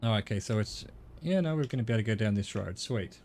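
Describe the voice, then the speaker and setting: A man's voice: fairly low pitch, lively intonation, quick pace, darkish tone. A middle-aged man with an Australian accent chatting casually on a gaming stream, rambling and swearing now and then.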